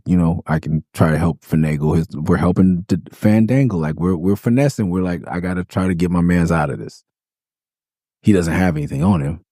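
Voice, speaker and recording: A middle-aged man hosts his own podcast and spins casual stories, cursing freely and slipping into acted quotes. His voice sits very low with a dark, mellow tone. The sound is dry and close. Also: dry recording. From Los Angeles. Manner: loose, profane storytelling with acted-out quotes. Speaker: podcast host. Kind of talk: casual storytelling monologue.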